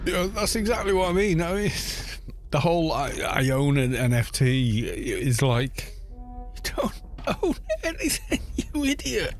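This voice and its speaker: A man's voice: on the high side, a little slow. Rambling, exasperated male game streamer. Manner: rambling, exasperated, with frequent restarts. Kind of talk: casual chat while gaming. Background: faint background music.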